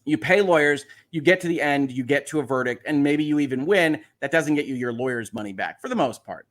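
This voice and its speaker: A man's voice: on the high side, fairly bright tone. A man hosting a casual livestream, chatting about legal news, reading viewer questions and explaining cases. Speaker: host.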